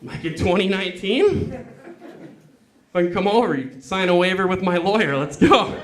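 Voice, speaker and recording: A man performing a stand-up comedy set on a club stage, cursing and acting out callers in quick voices. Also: sits high, animated, background noise. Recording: echoey club with crowd. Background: audience laughing.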